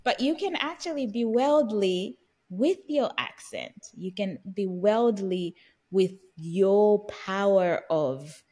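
A woman co-hosting a podcast, talking in a lively, conversational way with playful asides. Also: medium pitch, slow pace. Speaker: podcast co-host. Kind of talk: casual conversation.

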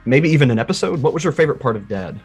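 A man's voice: mid-range voice, expressive, rapid-fire, slightly rough, soft background music. A man hosting a casual interview, asking questions in an eager, upbeat way. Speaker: interviewer, host.

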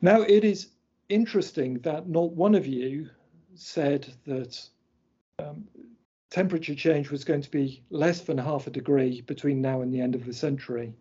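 A middle-aged man lectures in a husky, mellow voice that sits a little high. He explains each slide point by point, measured and precise. The recording is dull and lo-fi. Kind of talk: academic lecture.

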